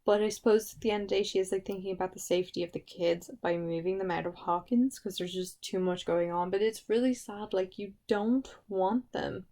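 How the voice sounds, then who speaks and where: A woman's voice: mid-range voice, fairly even intonation, brisk, hardly any pauses, dark tone. Gushing woman reviewing a TV show. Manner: gushing and emotional, heavy use of "like" fillers. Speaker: TV series reviewer. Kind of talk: casual spoken review.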